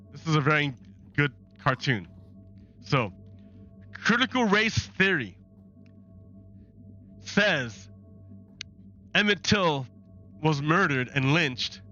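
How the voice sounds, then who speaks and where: A man's voice: on the high side, sharp tone, highs cut off. A man giving chatty, sarcastic commentary while playing a game, often restarting sentences. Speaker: gaming channel host.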